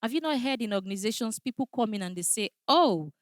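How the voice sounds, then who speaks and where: A woman's voice: a little high, very fast, a little mellow, no echo. A woman teaching a customer service training class, speaking emphatically and often checking in with "all right?". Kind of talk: training lecture.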